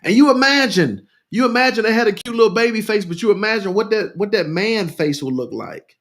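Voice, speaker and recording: A man's voice: high-pitched, expressive, a little fast, fairly bright tone. A man hosting a talk, speaking in a rousing, repetitive way, addressing listeners as "y'all" and reading out their comments.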